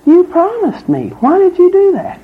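A woman's voice: very high voice, lively intonation, moderate pace, creaky, narrow, tinny audio, voice pushed up, heavily acted. A woman voicing a man in a fable who cries out in disbelief at a snake. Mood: betrayed. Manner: indignant, incredulous. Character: wary man bitten by a snake.

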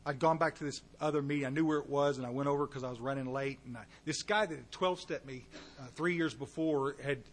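A middle-aged man, giving a folksy personal testimony to a recovery meeting, with asides to the audience and bursts of animated volume. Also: mid-range voice, fast talker, slight background noise. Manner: shifts between quiet and loud animated bursts.

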